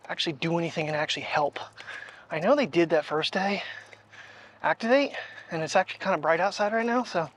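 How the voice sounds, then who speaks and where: A man's voice: high-pitched, slight background noise. Rambling man vlogging on a walk. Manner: rambling, thinks aloud with many fillers. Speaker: daily vlogger. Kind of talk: casual vlog chat. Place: outdoors on a walk. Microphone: wireless clip-on mic.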